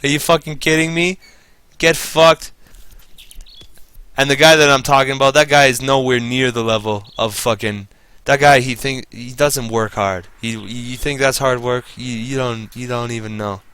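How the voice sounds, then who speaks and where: A man's voice: medium pitch, steady tone, moderate pace, pushed and bright, clear, resonant tone. A man chatting over a game, swearing a lot and rambling bitterly about an old boss. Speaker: gamer telling stories. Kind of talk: casual commentary over gameplay.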